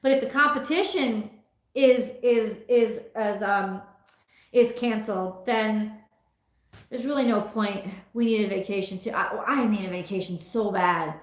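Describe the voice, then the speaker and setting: A woman's voice: mid-range voice, a little slow. Chatty woman livestreaming in an echoey room. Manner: chatty, rambling, laughs often, reads viewer comments aloud. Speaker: tarot reader hosting a livestream. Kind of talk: casual livestream chat reading comments.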